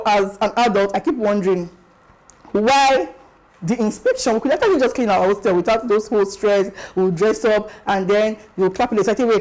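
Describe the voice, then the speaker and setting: Brief: young Nigerian woman, vlogger, lively exclamatory storyteller, mid-pitched voice. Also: normal speed, a little hiss or hum, low-quality recording. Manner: animated and exclamatory, slipping into Pidgin. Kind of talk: casual storytelling vlog.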